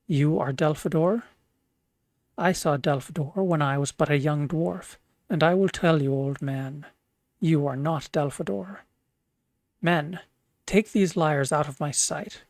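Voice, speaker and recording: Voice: medium pitch, measured pace, darkish tone, no echo, lightly acted. A streamer voicing a proud, suspicious dwarf chieftain while reading game dialogue aloud, scornful in manner. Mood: mocking. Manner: scornful, mocking laughter.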